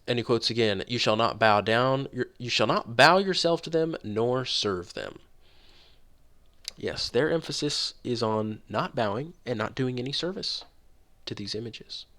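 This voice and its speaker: A man reading early writings aloud and commenting on them in an emphatic way, slowing down and pushing hard on key words. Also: on the low side, a bit bright. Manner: emphatic, rising on key words, slows down for stress. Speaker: online religious commentator.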